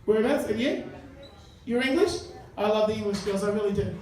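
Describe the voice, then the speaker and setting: A man's voice: high voice, brisk, a little mellow. A man doing a crude, chatty stand-up set in a pub, bantering with the crowd. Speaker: stand-up comedian. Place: live pub venue. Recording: echoey room, mic far off. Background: audience laughter.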